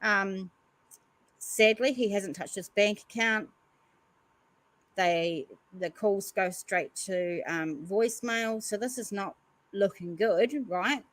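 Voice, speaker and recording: Taking it slowly in a mid-range voice, a female podcast host reads news articles and stops regularly for earnest comments between passages. The recording is rough but has no echo.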